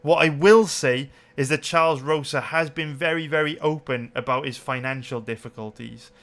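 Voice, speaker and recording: A man's voice: a little high, moderate pace, fairly bright tone. A young man hosting a betting channel, giving a brash, profane and emphatic casual breakdown while calling his viewers boys.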